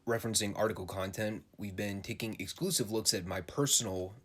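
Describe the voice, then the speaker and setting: A man's voice: on the low side, steady tone, a little fast, fairly bright tone. A man hosting his own wrestling podcast, talking casually and jokingly with some swearing and plenty of filler words. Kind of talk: casual solo podcast commentary.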